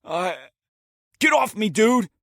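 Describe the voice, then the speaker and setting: Male narrator as a panicked teen robber: loud, pitched up, barking orders. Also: big pitch swings, slow, no echo, studio quality, full character voice. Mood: angry shouting. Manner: shouting, cursing, bossy.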